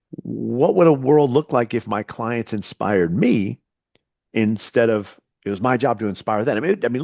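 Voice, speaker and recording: A man's voice: medium pitch, gravelly, a little mellow, no echo, lo-fi sound. A middle-aged man, a podcast guest and coach, tells his story earnestly, often repeating and restarting his words. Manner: earnest, with frequent repetitions and restarts. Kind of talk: storytelling in an interview.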